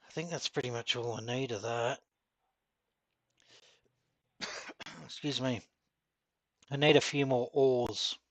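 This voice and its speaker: Chatting casually while gaming, this easygoing middle-aged Australian streamer responds to comments his viewers post, reading them aloud. He speaks slowly at a medium pitch, pausing often, and the close-miked audio is dry with no room sound.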